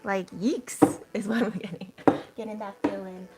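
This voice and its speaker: A woman's voice: mid-range voice, steady tone, moderate pace, very noisy. A young woman doing a tarot reading on a casual livestream. She talks in a chatty way, with lots of filler words and laughs, as she reads the cards and answers the chat. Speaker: tarot reader.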